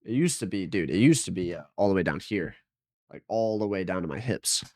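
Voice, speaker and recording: Deep-voiced and brisk, this young man has lively intonation and a slightly mellow tone. It's a casual late-night home vlog recorded dry and studio-clean on a headset mic, full of hesitant rambling, trailing off, and self-deprecating jokes.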